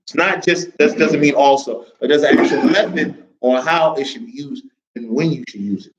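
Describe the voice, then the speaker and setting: A man with an American accent teaching an Arabic lesson to a small class, lively and often checking that everyone follows. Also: mid-range voice, moderate pace, low-quality recording. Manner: lively, mixes English with Arabic reading, checks understanding often.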